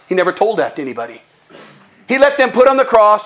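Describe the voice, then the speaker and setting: High-voiced folksy male preacher. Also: sing-song, brisk, fairly bright tone. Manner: folksy, emphatic, conversational. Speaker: pastor. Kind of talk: sermon.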